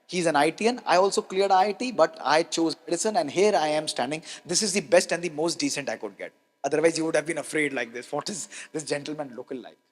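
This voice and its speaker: A man's voice: fairly high pitch, quick pace. A man gives a motivational health talk to an audience, emphatic and repeating key lines, with rhetorical questions. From India. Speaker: doctor giving a health talk. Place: large hall with an audience. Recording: long hall reverb.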